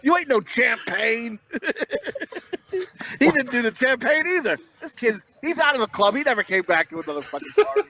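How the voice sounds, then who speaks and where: A man co-hosting a podcast, riffing crude jokes in rapid banter and acting out quoted voices. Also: extremely high pitch, expressive, sharp tone, low-quality recording. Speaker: podcast co-host.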